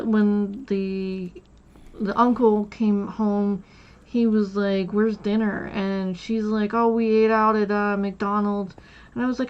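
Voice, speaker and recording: A woman's voice: medium pitch, a little mellow, highs cut off. A woman streamer telling a long childhood story in a casual, rambling way, with many restarts and quoted voices. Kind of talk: casual storytelling while gaming.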